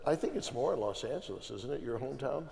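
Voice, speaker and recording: Archbishop guy from the midwest, gravelly, keeps stacking up phrases, long hall echo. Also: mid-range voice, expressive, quick pace, mellow, a little hiss or hum. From American Midwest. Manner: emphatic, piles up repeated phrases, restarts often. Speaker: archbishop, interview guest. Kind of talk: conversational panel talk.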